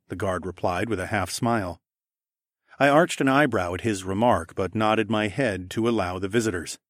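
A man's voice: low voice, normal speed, dry recording, clean studio sound. A man narrating a first-person fantasy audiobook in an easy storytelling manner.

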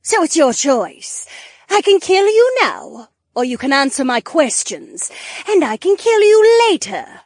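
A woman's voice: sits high, huge pitch swings, measured pace, dry recording, studio quality, full character voice. A woman voicing a cruel, gloating duchess villain in an audiobook, with a mocking, menacing purr. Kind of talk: audiobook character voice.

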